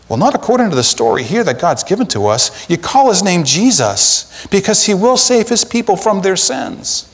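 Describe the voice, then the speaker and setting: A man preaching a sermon as pastor, in an animated, conversational way with acted asides, in a church sanctuary. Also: high-pitched, moderate pace, few pauses. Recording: long church reverb.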